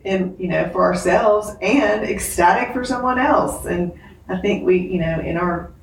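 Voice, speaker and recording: A woman hosting a conversational interview who reflects on the guest's story with warm, affirming remarks. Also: mid-range voice, measured pace, creaky, roomy sound, distant mic, a little hiss or hum, poor audio. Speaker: podcast host.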